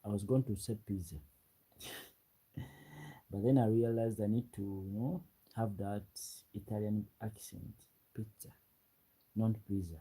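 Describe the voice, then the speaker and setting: A man's voice: on the low side, little pitch movement, moderate pace, dark tone, husky, rough recording. A man from Uganda with a Ugandan English accent, chatting casually on a late-night live stream and reading out viewer comments. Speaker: livestreamer. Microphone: ring light setup, webcam.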